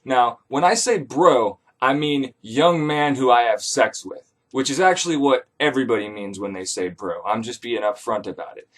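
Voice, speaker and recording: A man retelling an ancient tale as casual comedy, irreverent and profane with deadpan asides. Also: medium pitch, normal speed, hardly any pauses. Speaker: comedic myth storyteller.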